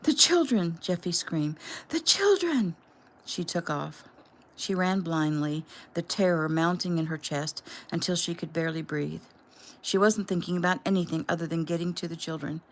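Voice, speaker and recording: A woman casually reading her own novel aloud at home in a plain, unhurried way. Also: deep voice, little pitch movement. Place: home room.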